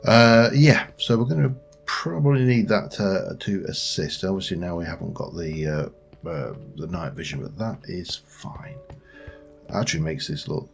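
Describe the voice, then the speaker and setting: A man's voice: low-pitched, a little slow, gravelly. A man giving casual, meandering let's play commentary and talking to the creatures in his game as he plays. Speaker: gaming channel host. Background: faint background music.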